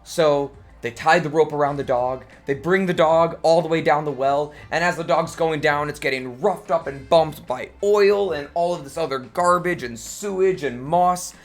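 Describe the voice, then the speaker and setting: A man, a streamer, telling an improvised bedtime story in a relaxed, rambling way, restarting phrases as he goes. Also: a little high, normal speed, hardly any pauses, faint music behind.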